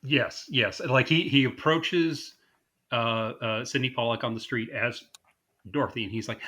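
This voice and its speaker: A man co-hosting a podcast in casual chat, animated and quick to act out movie lines in put-on voices. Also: medium pitch. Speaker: podcast co-host.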